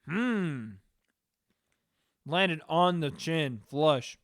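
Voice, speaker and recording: A man hosting a live stream, giving relaxed, rambling reaction commentary and talking to his chat. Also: fairly high pitch, measured pace, dry recording, clean studio sound.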